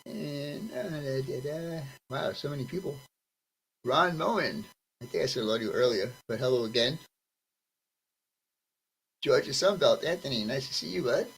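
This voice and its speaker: A man's voice: mid-range voice, lively intonation, normal speed, vocal fry, pauses often, a bit bright, slight background noise, poor audio. A man hosting a live stream, greeting his viewers one by one by name in a friendly, casual way. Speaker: livestream host greeting chat. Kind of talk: casual livestream chat.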